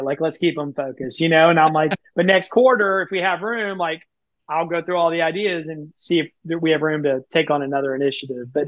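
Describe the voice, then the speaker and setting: Guy guest on a podcast, kinda high voice, rattling off a story, quoting everybody, dry muffled sound. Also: dry recording. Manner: fast, animated, quotes himself and others often. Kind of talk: casual storytelling.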